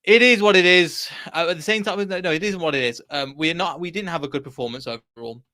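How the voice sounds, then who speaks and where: A man hosts a fan reaction stream from home in a voice pitched a bit high. He rambles and vents his frustration. The sound is dry and close, with no room echo. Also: quick pace, bright, forceful tone. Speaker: fan channel host. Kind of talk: post-match fan reaction livestream.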